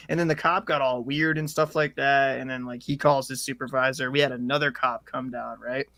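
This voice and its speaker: A man co-hosting a casual podcast, telling a story in a rambling, animated way with lots of fillers and swearing. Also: mid-range voice, fairly quick, few pauses, no echo, studio quality. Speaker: podcast co-host.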